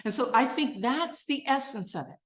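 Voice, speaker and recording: An older woman minister giving a sermon, gentle and earnest, sinking to a soft, quiet voice as she leads a guided meditation. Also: animated, moderate pace. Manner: gentle, earnest and softly spoken, dropping low and quiet.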